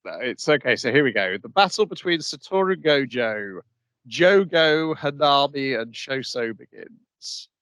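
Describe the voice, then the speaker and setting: A man co-hosting a podcast in casual chat, calmly reading out episode summaries. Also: medium pitch, a little slow, dry recording. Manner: laid-back, reads episode summaries aloud. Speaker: podcast co-host.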